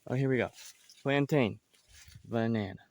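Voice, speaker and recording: A man's voice: mid-range voice, moderate pace, a little mellow, slight background noise. A man giving a casual outdoor tour of his farm, talking loosely with many fillers and restarts. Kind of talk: casual walking tour narration.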